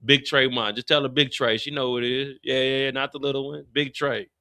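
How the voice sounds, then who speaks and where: A man's voice: mid-range voice, flat delivery, a little fast, bright, forceful tone, clean tone, dry recording, clean studio sound. A man playing a cocky, flirtatious male street hustler who taunts and laughs, recapping a TV show. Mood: taunting. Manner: swaggering, taunting, laughing at her.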